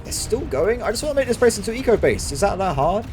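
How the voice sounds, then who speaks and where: A man giving excitable game commentary, talking to himself and his viewers as he plays. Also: high-pitched, fast talker, soft background music. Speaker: gaming channel host.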